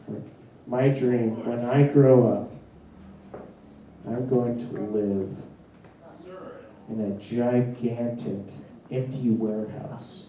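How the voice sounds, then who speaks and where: A young man doing a stand-up comedy set in a club, with a halting, deadpan delivery full of fillers. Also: medium pitch. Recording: distant mic in echoey club with crowd. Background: audience laughter.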